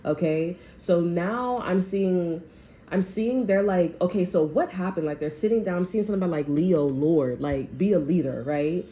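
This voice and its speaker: A woman's voice: fairly low pitch, normal speed, warm tone, slight background noise. A woman giving a casual tarot reading, rambling with lots of "like" and speaking bluntly, with frequent swearing. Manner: blunt and heated. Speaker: tarot reader.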